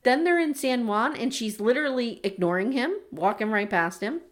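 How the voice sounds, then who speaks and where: A woman's voice: fairly high pitch, normal speed. A woman co-hosting a podcast, recapping a reality show in casual, sarcastic chat and acting out the quotes. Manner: animated, sarcastic, acts out quotes. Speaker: podcast co-host.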